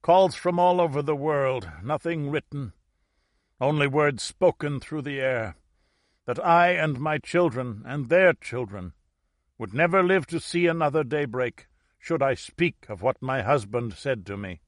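A man reading aloud and voicing a sharp-tongued, dying 85-year-old Russian grandmother who speaks urgently. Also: mid-range voice, a little slow, dry recording, studio quality, pitched above the performer's own voice, close to an everyday voice.

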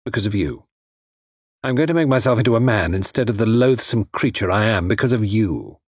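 An intense young charmer with a low, husky voice that swings widely as he pleads, as a male narrator voices him. His earnest, impassioned delivery sounds close and dry. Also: expressive, fairly quick, dry recording. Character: intense young man, a charming gigolo turned remorseful.

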